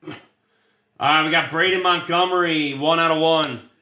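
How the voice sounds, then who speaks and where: A man hosts a card break on a livestream, chatting casually, swearing freely, and calling out each card he pulls. His voice is a little high, pushed and bright, with fairly even intonation and a moderate pace. The room gives it a noticeable echo.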